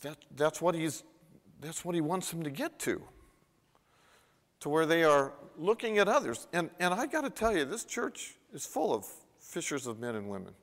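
A man preaching a sermon as pastor, animated and emphatic, his intensity rising and falling, with frequent restarts and repetitions. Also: on the high side, moderate pace. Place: church. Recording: long reverb of a church hall.

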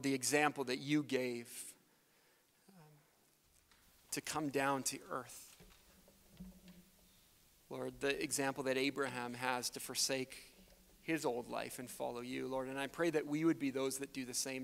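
A man's voice: medium pitch, little pitch movement, measured pace, vocal fry, pauses often, fairly bright tone. Canadian-raised male missionary preaching, earnest and emphatic, in a reverberant church hall. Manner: earnest, builds to emphatic peaks. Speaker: missionary speaker. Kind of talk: sermon with closing prayer. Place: church sanctuary.

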